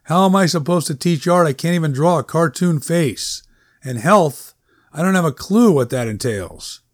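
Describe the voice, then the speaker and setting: A man's voice: fairly high pitch, animated, moderate pace. A man voicing an anxious, earnest woman who is a worried schoolteacher, in a story reading. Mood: earnest, fretful.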